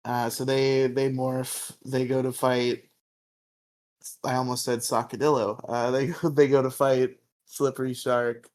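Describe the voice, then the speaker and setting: A young man co-hosting a podcast, casually recapping a show, swearing freely and tossing in quick character impressions. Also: medium pitch, level tone, darkish tone. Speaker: podcast co-host.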